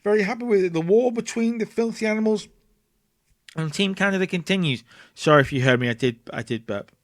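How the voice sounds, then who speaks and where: Man, let's play host, casual game commentary, high pitch, chatty, dry mic. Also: brisk, no room sound. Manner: chatty, narrates and acts out scenes.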